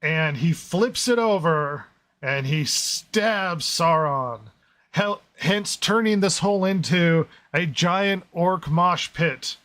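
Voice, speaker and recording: A man co-hosting a casual review podcast, talking in an animated way, laughing often and lowering his voice to stress a point. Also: takes it slowly. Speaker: podcast co-host.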